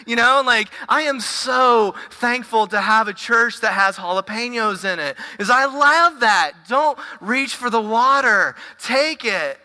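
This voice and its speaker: A woman pastor giving a casual, animated sermon, stumbling over and repeating words as she goes. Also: a little high, a little slow, hardly any pauses. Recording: long reverb of a large hall.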